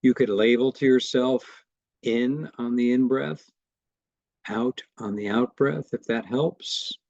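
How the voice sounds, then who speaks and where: A man teaching a meditation class, guiding the breath practice in a gentle, reassuring way. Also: mid-range voice, fairly even intonation, slow, creaky, no echo, lo-fi sound. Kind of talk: guided meditation instruction.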